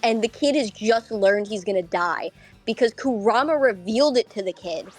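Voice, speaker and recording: A woman's voice: mid-range voice, normal speed, faint music behind. A woman co-hosting a stream, chatting casually and eagerly adding details. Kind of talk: casual chat.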